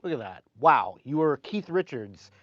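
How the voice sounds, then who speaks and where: Male guitar teacher, chatty live-stream host, mid-pitched voice, slightly dull recording with guitar underneath. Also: big pitch swings, normal speed, gravelly, a bit bright, dry recording. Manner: chatty, reads viewer comments aloud between playing.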